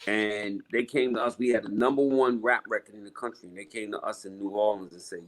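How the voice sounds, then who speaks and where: A man, telling stories in a casual interview, blunt and animated. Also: fairly low pitch, fast, hardly any pauses. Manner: blunt, profane, animated storyteller. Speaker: rapper guest.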